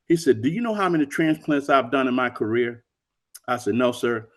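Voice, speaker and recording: A man's voice: medium pitch, fairly quick, a little hiss or hum. Earnest man retelling a personal story. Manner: earnest, acts out quoted dialogue. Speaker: author and interview guest.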